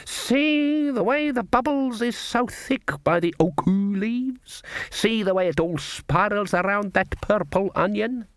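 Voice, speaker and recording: A man voicing a grim, knowing voodoo cook woman who speaks in a slow, drawling, rolling growl. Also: high-pitched, animated, clear, resonant tone, no echo, clean studio sound, pitched above the performer's own voice.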